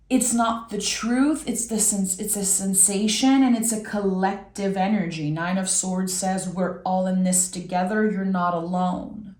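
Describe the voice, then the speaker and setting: A woman from Québec, giving a gentle, reflective tarot reading and often pausing to search for words. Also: mid-range voice. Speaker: tarot reader. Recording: roomy echo.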